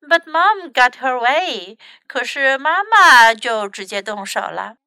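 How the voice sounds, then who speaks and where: A woman's voice: high-pitched, lively intonation, takes it slowly, clear, resonant tone, dry recording. A woman, a children's English teacher, reading a picture book aloud for children, in both English and Chinese. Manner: gentle, explaining. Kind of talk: bilingual storybook reading for children.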